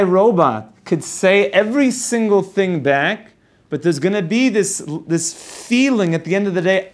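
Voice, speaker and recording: Rabbi giving a relaxed explanatory class. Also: male voice, high voice, measured pace. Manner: explanatory, builds points through long spoken examples, frequent restarts. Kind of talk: informal Torah class lecture.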